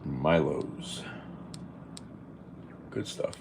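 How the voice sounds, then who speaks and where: A man's voice: rumbling low, lively intonation, very slow, creaky, a little mellow, a little hiss or hum. A man livestreaming from home, rambling casually and talking back bluntly to viewer comments. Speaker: livestreamer reading chat. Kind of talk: casual live-stream chat.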